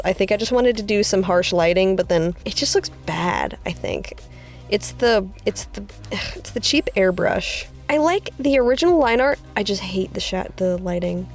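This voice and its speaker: Woman rambling about her art pieces, mid pitch, jumps way up when excited, faint music behind. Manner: chatty and rambling, with excited high-pitched bursts. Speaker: artist vlogger. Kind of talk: casual art commentary.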